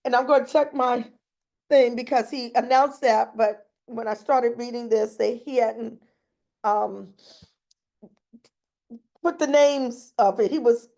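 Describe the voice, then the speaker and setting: A woman's voice: fairly high pitch, slow, gravelly, pauses often, dark tone. A woman reading aloud from her own memoir in an earnest, emotional way, breaking off now and then to add personal comments. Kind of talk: reading aloud with spontaneous asides.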